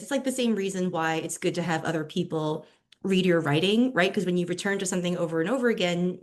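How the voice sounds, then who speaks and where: A young woman hosting a podcast interview, building long, thoughtful questions with fillers as she goes. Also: lowish voice. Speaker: podcast host. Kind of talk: casual interview.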